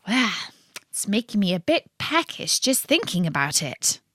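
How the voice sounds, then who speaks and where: A woman narrating a children's story in a playful, expressive way. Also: medium pitch, a little slow, dry recording, clean studio sound. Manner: warm, playful, expressive reading.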